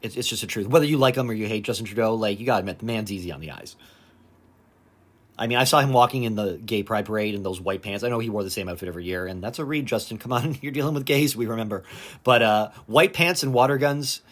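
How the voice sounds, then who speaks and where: A man's voice: on the low side, fast talker, fairly bright tone. A man from Canada hosts a comedic monologue in a sarcastic, rambling way, with lots of fillers. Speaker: host.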